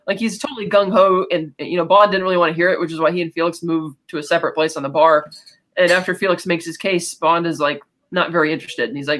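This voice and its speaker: High-voiced man recapping a film. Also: fairly even intonation, a bit bright, poor audio. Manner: retells scenes quickly with many "you know" fillers. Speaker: podcast co-host. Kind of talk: casual film recap chat.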